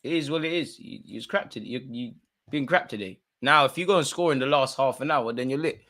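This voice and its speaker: A young man hosts a live football watch-along, excitable and slang-heavy, jumping between loud outbursts and low mutters at a fairly quick pace.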